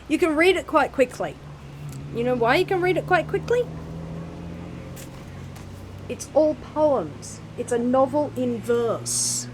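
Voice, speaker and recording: An Australian woman in her forties in a casual book review chat, chatty and emphatic, pausing to search for words. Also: mid-range voice, a little hiss or hum.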